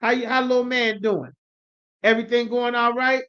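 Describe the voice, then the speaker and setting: A man's voice: very high voice, level tone, normal speed, pushed and bright, clear, resonant tone, lo-fi sound. A man voicing a chatty female nail salon worker who makes friendly, overly familiar small talk. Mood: chirpy, familiar.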